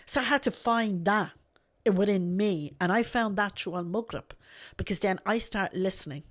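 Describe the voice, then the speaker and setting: A woman's voice: mid-range voice, moderate pace. A woman, a podcast guest telling her story earnestly and repeating phrases for emphasis. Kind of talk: emotional personal storytelling.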